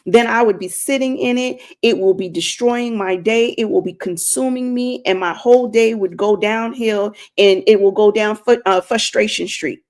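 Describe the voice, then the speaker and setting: A woman's voice: mid-range voice, moderate pace, hardly any pauses, a little mellow. A woman streaming a faith-based talk to her viewers, earnest and preachy, repeating herself for emphasis. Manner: addresses viewers directly. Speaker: inspirational streamer.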